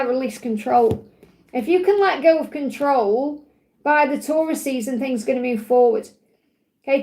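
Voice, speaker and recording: Woman, live-stream card reader, high voice, gentle and reassuring, repetitive phrasing. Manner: soothing, reassuring, repeats key phrases. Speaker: tarot reader hosting a live Q&A.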